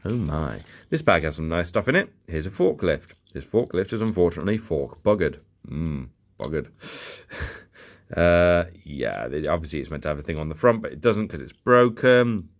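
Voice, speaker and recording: A man's voice: sits low, expressive, moderate pace. A young man rambling jokily through a bag of old toy cars. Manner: rambling, jokey, muttering asides. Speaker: toy collector vlogger. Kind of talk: casual unboxing commentary.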